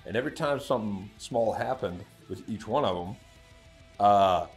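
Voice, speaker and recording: A man hosting a music reaction channel, telling an excited story to camera, laughing often and breaking into shouts. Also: fairly low pitch, normal speed.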